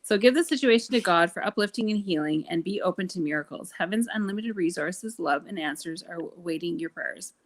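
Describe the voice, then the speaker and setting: A woman's voice: on the low side, brisk, few pauses. A woman chatting casually on a live video call, telling stories and reading out spiritual cards. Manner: animated storytelling, acts out quotes. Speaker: card reader in a women's circle. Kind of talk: casual live-stream chat.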